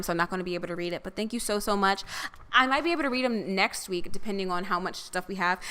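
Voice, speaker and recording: A woman's voice: fairly high pitch, pushed and bright, clear, resonant tone. A young woman co-hosting a casual podcast, reading out viewer comments and chatting about them affectionately. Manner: chatty, affectionate, calls listeners "honey". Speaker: podcast co-host.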